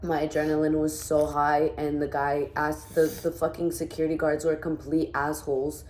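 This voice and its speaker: A woman's voice: deep voice, monotone, normal speed, darkish tone, slight background noise. A young woman in her twenties telling a vlog story, rambling and shaken, with lots of fillers and restarts. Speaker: vlogger. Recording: echoey room.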